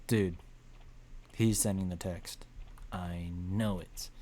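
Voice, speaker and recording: Low, mellow man rambling on a game stream. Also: fairly even intonation, takes it slowly, slight background noise. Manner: rambling, joking, tired. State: tired. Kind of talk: casual game livestream commentary.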